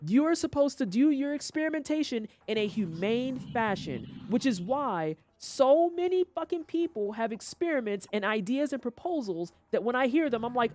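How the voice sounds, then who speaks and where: A woman's voice: fairly high pitch, sing-song, moderate pace. A young woman streaming a game, ranting with heavy profanity and exasperation. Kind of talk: casual gameplay commentary.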